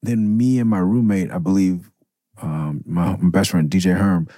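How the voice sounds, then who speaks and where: A man's voice: low-pitched, fairly even intonation, normal speed, warm tone, no echo, clean studio sound. A man hosting a podcast, telling casual, rambling stories with plenty of swearing and side remarks. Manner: loose, profane, rambling with asides. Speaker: podcast host. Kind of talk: casual storytelling.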